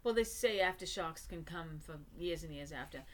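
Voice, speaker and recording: A woman guest on an interview podcast, telling of her visions in a halting way with many pauses and fillers. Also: sits low. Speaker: guest psychic medium. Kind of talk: conversational interview.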